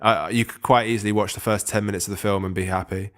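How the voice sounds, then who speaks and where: A young man co-hosts a podcast in casual chat. His voice sits fairly low, and his remarks come out blunt and dryly teasing. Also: fairly even intonation, fast talker, fairly bright tone. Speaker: podcast co-host.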